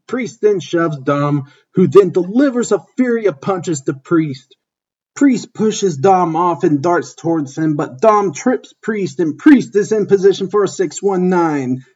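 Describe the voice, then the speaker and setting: A man narrating a fan-written wrestling story in a steady, plain reading voice, husky, on a dull lo-fi recording. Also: on the high side.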